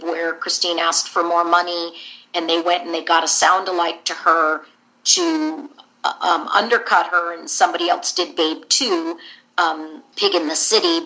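A woman voice actor sits for an interview and recounts her career in a candid, wandering way. Her voice sits a little low for a woman but comes out bright and forceful. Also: poor audio. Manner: candid, rambling storyteller.

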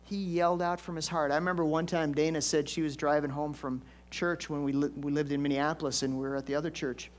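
A man's voice: a little high, level tone, quick pace, few pauses. An older man, a pastor, preaching a conversational storytelling sermon with folksy asides and emphatic swells.

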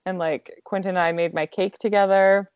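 A woman's voice: medium pitch, steady tone, normal speed, darkish tone, smooth, dry recording, muffled recording. A young woman telling a personal story in a casual chat, chatty and full of filler words, laughing often.

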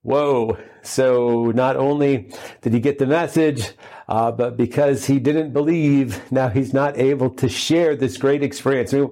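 A man's voice: medium pitch, fairly even intonation, a little slow, warm tone. A male pastor preaching a sermon in a conversational way, with humorous asides and many fillers.

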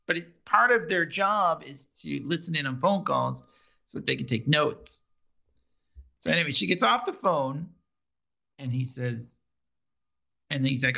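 A man's voice: fairly high pitch, lively intonation, moderate pace, vocal fry, bright, forceful tone. A man co-hosting a podcast, casually recapping a TV episode in a rambling way with lots of fillers and restarts. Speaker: podcast co-host.

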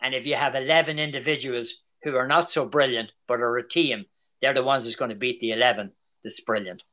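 Bright-voiced older Irish man. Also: medium pitch. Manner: chatty storyteller, animated, quick asides. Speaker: guest soccer commentator. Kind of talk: casual interview chat.

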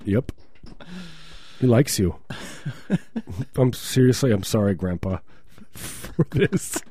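A man's voice: fairly low pitch, slow, mellow, husky. A man co-hosting a podcast, riffing through casual comedic banter and putting on mock voices. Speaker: podcast co-host.

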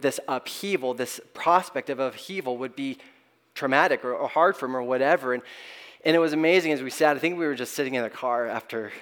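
A middle-aged man, a pastor preaching a sermon in an earnest, halting way, often restarting and letting his phrase ends trail off softly. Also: medium pitch, clean tone.

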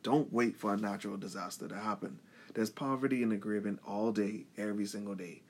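A man's voice: lowish voice, steady tone, fast talker, darkish tone, slightly rough. A man in a casual podcast chat who talks persuasively and lays out plans.

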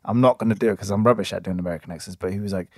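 A man's voice: low-pitched, racing, a little mellow, no room sound, studio quality. A man in his twenties, chatting casually as a podcast co-host and telling a long story full of restarts and fillers. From England. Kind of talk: casual chat.

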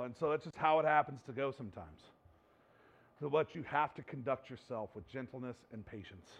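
A man's voice: medium pitch, lo-fi sound. A man as pastor, preaching a casual, conversational sermon that builds to emphatic points.

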